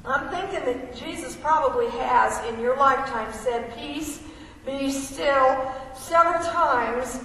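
A woman's voice: high voice, measured pace, creaky, hardly any pauses, a bit bright, a little hiss or hum. A woman preaching a sermon in a conversational, questioning way, reading scripture aloud and asking the listeners questions. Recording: echoey hall, mic far off.

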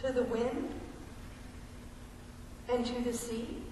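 Woman pastor giving a sermon, high voice, sounds distant in a big echoey church. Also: flat delivery, slow pace, background noise. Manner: questioning, conversational, reads scripture aloud. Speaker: preacher. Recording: echoey hall, mic far off.

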